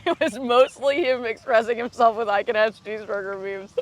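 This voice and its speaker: A woman in her thirties, a comedian guest telling stories in casual podcast chat, animated, laughing often and swearing freely. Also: fairly high pitch, a little fast. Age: 30s.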